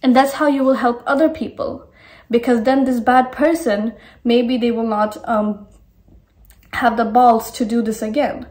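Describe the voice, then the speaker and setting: A woman's voice: a little high, fairly even intonation, measured pace, darkish tone. A young woman hosting a talk video, giving frank, emphatic advice with plenty of swearing. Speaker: host. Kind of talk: blunt direct-to-camera advice.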